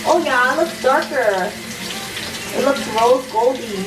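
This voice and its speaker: A woman's voice: high voice, animated, slow, distant mic, background noise. A young woman chatting casually in a vlog, bubbly and gushing with frequent exclamations. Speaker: vlogger. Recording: roomy, off-mic, music behind.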